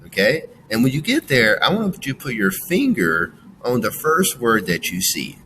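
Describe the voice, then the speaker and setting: A man's voice: mid-range voice, very animated, pushed and bright, slight background noise, poor audio. A man teaching a phonics lesson to children, sounding out letters one by one and walking the class through each word. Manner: slow, sounding out letters and praising.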